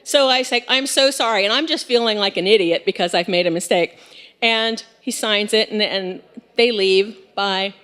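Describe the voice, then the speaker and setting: A woman in her forties telling a story live on stage, in a chatty, animated way with lots of fillers. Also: mid-range voice, moderate pace, clear, resonant tone. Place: stage in a hall. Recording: long hall reverb.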